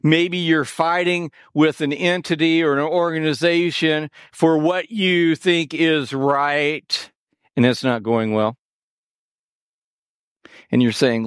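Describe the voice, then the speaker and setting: A male pastor delivering a sermon at a slow, deliberate pace. His delivery is animated, swinging up and down with sarcastic asides. The sound is close and dry, with no room echo. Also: on the high side, smooth.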